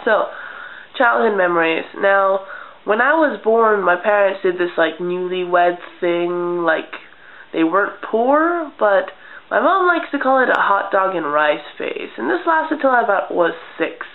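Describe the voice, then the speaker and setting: A young woman vlogger telling childhood stories in a casual, deadpan way, acting out little scenes. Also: mid-range voice, measured pace. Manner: chatty, deadpan humor, acts out childhood scenes. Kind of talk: casual storytelling vlog. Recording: tinny lo-fi webcam audio.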